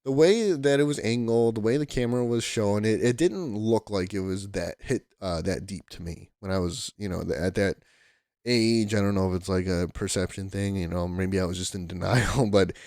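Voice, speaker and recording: A young man in his twenties with a low, gravelly voice recounts a memory to camera. He rambles and restarts, dropping "like" everywhere, and the recording is close and dry with no room sound. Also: normal speed, no room sound. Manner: rambling, excitable, heavy use of "like" and restarts. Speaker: vlogger. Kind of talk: casual storytelling to camera.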